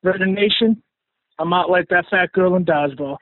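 A man's voice: sits high, normal speed, dry recording. A man calling in to a sports show, fired up and slangy, rambling through his thoughts. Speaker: caller. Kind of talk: excited call-in sports fan talk. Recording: tinny phone line.

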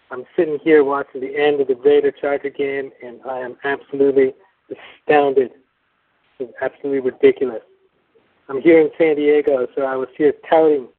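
A man phoning in to a fan show, exasperated and emphatic, over a phone line. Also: mid-range voice. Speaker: caller.

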